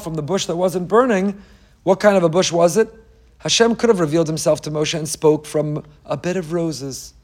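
A man's voice: on the high side, darkish tone. A middle-aged man giving an impassioned sermon, asking rhetorical questions and quoting Hebrew texts. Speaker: rabbi giving a Torah class.

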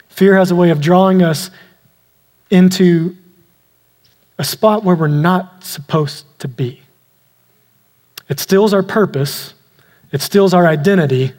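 A man delivers an earnest sermon in a somewhat high voice, the sound ringing with the long reverb of a large church hall. He slows down and drops to a quiet, deliberate tone whenever he presses a point home. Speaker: preacher.

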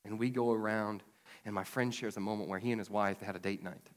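Pastor preaching in a reverberant hall. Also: male voice, lowish voice, steady tone, fairly quick. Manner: conversational preaching with rising emphatic bursts. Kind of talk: sermon. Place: church sanctuary.

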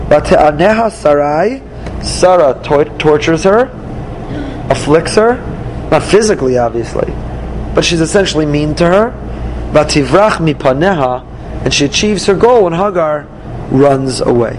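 A man teaching a Torah lesson, reading the verses and explaining them, acting out the dialogue with lively emphasis. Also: on the high side, unhurried, a little hiss or hum, poor audio. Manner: animated, acts out dialogue from the text with rising emphasis. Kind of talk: Bible study class.

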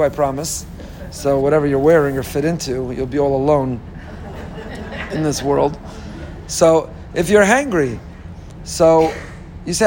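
A man preaching as a rabbi, lively and animated, with humorous asides and voices he acts out. His voice sits a little high for a man. A faint hiss of background noise runs under the recording. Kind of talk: sermon.

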